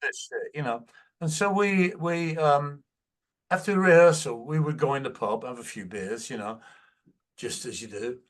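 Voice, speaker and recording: A man's voice: medium pitch, normal speed. An older man with a Manchester accent, a guest musician telling stories in a casual interview and acting out quotes. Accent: Manchester English. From England. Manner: anecdotal, acts out quotes.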